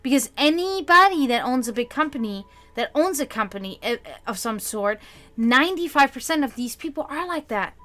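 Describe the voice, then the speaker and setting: A woman's voice: sits high, lively intonation, normal speed, pushed and bright. A young woman hosting a livestream, talking casually to her chat and ranting in frustration with frequent swearing. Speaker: livestream host.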